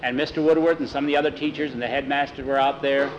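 A man telling a story aloud in a lively way, acting out the characters. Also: medium pitch, fast talker, highs cut off, a little hiss or hum. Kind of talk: spoken storytelling.

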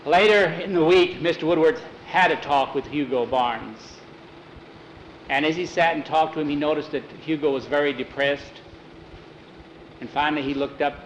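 A man's voice: a little high, echoey room, highs cut off, a little hiss or hum. Man telling a homespun story. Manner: unhurried, homespun narration with many "he said" tags and small restarts. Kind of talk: oral storytelling, reading out a boarding-school tale.

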